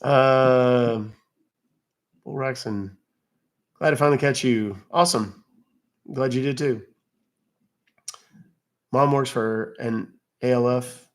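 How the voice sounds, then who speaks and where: A man's voice: medium pitch, steady tone, takes it slowly, pauses often. A man from Texas hosting a casual live stream, chatting loosely and reading viewer comments aloud. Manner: chatty, loose, jokey, reads chat aloud. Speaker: livestream host.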